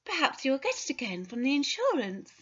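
A woman's voice: high-pitched, wildly swooping pitch, brisk, dull audio, voice pushed up. A woman voicing a kind hospital nurse who reassures children in an audiobook. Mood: soothing. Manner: soothing, reassuring.

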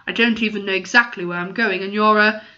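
A woman's voice: medium pitch, fairly even intonation, fast, bright, forceful tone, dull audio, close to an everyday voice. Woman voicing a matter-of-fact, self-reliant boy. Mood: firm.

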